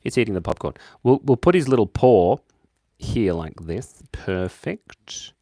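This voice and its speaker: A man's voice: unhurried, dry recording, clean studio sound. Playful Australian man, livestream host. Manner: playful, jumps between high excited bursts and quiet mumbles. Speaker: livestream host drawing for chat. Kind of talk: casual live-stream chat while drawing.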